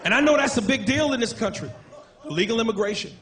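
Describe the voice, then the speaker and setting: A man doing a stand-up comedy set, brash and profane, telling animated stories on a club stage. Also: very high voice, quick pace. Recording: live club with loud crowd and noise.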